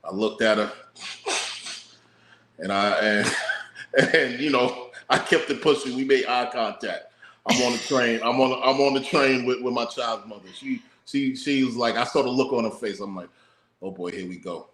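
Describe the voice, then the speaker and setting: A man's voice: mid-range voice, moderate pace, fairly bright tone, a little hiss or hum. A man co-hosting a casual talk show, laying out his views in a laid-back, profane way. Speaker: podcast co-host. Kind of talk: casual chat. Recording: roomy echo.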